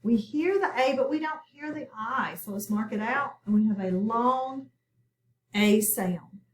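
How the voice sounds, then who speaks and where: A woman teaching a phonics lesson in a recorded video, slow and patient, often checking in with her students. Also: fairly high pitch. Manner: slow, patient, instructive with repeated prompts. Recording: distant mic with background noise.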